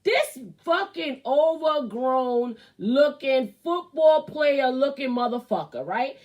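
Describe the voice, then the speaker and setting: A woman's voice: sits high, expressive, slow pace, a little mellow, dull audio. A woman hosting her own show, giving blunt, profane and heated commentary on celebrity gossip. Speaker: host. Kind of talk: ranting commentary.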